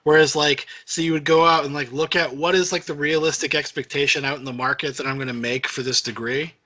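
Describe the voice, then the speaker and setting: A man's voice: fairly high pitch, fairly even intonation, a little fast, pushed and bright. A young man co-hosting a casual podcast chat, rambling with many fillers as he thinks aloud. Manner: rambling, filler-heavy musing. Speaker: podcast co-host.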